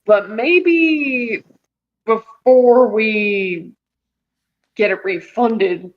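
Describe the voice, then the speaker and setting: Tabletop player talking real slow and halting, kinda dull muffled audio. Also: medium pitch. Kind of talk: tabletop role-play chat.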